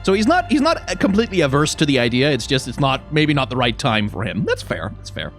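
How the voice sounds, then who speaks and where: Lively chatty man narrating his game, faint music under. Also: mid-range voice, fairly quick. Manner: chatty, rambling, excitable, many fillers. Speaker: gaming video host. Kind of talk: casual let's-play commentary.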